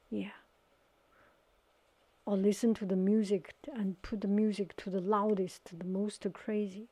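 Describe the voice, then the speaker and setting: Woman, soft-spoken ASMR storytelling, halting, half whispered, mellow fry-edged tone. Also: medium pitch, level tone. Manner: halting, searching for words; partly whispered. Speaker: watercolor ASMR artist.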